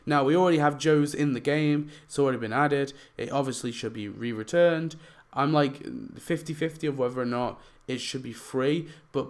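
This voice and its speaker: A young man talks through his ideas for a mobile game in a loose, rambling way, leaning on "like" and "you know" as he goes. His voice is hoarse and worn, as if he is losing it. His pitch sits in an ordinary middle range. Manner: rambling, many fillers. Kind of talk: casual commentary over gameplay.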